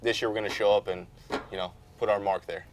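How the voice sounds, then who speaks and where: A man talking casually as a guest about racing, easygoing and rambling, getting animated when he retells a story. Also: lowish voice, fast, slight background noise. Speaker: off-road truck racer, guest. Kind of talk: casual chat.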